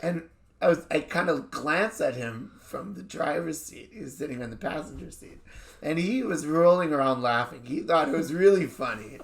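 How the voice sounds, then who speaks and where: A man, a rabbi, co-hosting a podcast and telling an animated anecdote in casual chat, slipping into quick voice impressions. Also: on the high side.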